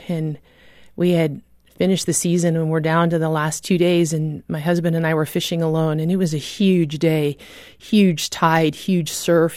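Lowish-voiced woman telling a dramatic story. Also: a little mellow, no echo, clean studio sound. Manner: vivid, emotional, dramatic retelling. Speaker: guest. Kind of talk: personal testimony storytelling.

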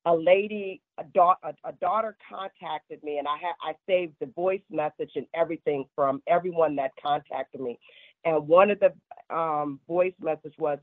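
A woman's voice: low-pitched, moderate pace, no echo. A woman pastor in an interview, recounting calls for help in a heartfelt way. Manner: heartfelt, quotes callers at length. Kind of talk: emotional interview testimony. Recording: phone-like remote line.

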